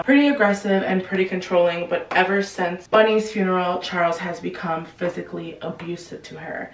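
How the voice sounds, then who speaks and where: A chatty young-sounding woman with a fairly low voice tells a story in casual slang, jumping into quick impressions of the characters. She sits a little back from the mic in an echoey room. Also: distant mic. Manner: chatty, slangy, acts out quotes in quick bursts. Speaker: book explainer. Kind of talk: casual book recap. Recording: roomy echo, a bit off-mic.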